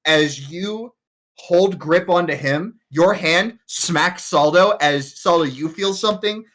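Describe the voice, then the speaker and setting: Guy running a tabletop game, slow halting narration, lots of uhs. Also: on the high side, a bit bright. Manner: halting narration with many fillers. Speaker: game master.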